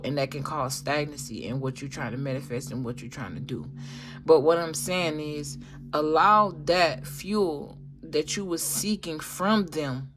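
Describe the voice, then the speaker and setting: A woman's voice: low voice, a bit bright, slight background noise. A woman giving a casual tarot reading, talking in a slangy, emphatic way and swearing freely. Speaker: tarot reader.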